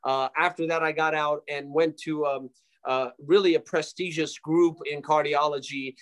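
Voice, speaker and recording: High-voiced man preaching fervently. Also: steady tone, moderate pace, a bit bright. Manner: emphatic, repetitive, with many fillers. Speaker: guest, cardiologist and preacher.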